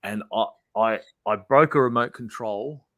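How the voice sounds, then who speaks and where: Animated Australian man on a dry mic. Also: lowish voice, measured pace, no room sound. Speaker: guest YouTuber. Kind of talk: casual livestream chat.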